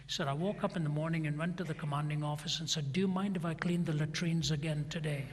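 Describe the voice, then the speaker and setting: A man's voice: on the high side, fairly even intonation, quick pace. A middle-aged man preaching a sermon, retelling a story and acting out both sides of a conversation. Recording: long hall reverb.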